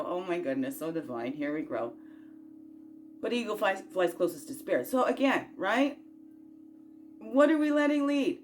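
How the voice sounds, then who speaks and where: A woman hosting a casual self-growth chat, folksy and encouraging, rambling through asides and rhetorical questions, sometimes bursting out loud and sometimes dropping to a murmur. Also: medium pitch. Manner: swings between loud bursts and quiet murmurs. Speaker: spiritual self-growth host.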